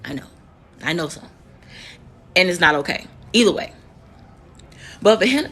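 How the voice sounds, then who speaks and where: A woman's voice: on the low side, expressive, moderate pace, long pauses, fairly bright tone, slight background noise. A woman in her thirties from the United States, a nurse, telling a heated, profane story to her viewers and repeating words for emphasis. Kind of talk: emotional storytime vlog.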